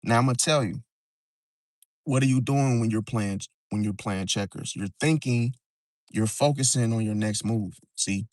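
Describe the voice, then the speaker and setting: This astrology live-streamer speaks at a moderate pace in a mid-range, slightly mellow voice, recorded dry. Standing outside by a parking area, he chats loosely and repetitively, often saying "see?" and "bro" and whispering at times.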